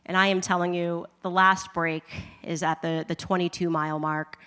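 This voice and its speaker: A woman commentator telling a personal testimony in a lively way, laughing often and acting out her own reactions. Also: on the low side, normal speed, clear, resonant tone, long reverb tail. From United States.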